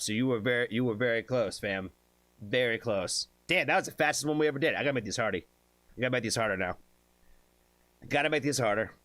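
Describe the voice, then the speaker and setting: Excitable swearing male streamer. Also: mid-range voice, no room sound. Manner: excitable, swears often, chats with viewers. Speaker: music reaction streamer host. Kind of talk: casual live stream chat.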